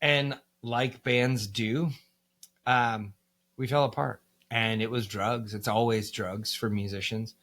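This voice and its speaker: Heard first is a candid, cursing man with an ordinary, middle-pitched voice. He is from the United States. He talks through his music career in a loose podcast chat, with lots of likes and ums. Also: steady tone, takes it slowly, fairly bright tone. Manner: candid and profane, with many fillers. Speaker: band musician, guest. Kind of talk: casual podcast storytelling.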